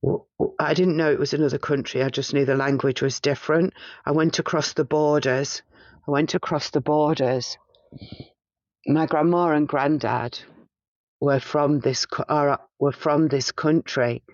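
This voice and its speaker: A man recounting a past-life regression in the first person, in a halting, hesitant way as he searches for words, on a slightly muffled recording. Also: on the high side, fairly even intonation, dry recording.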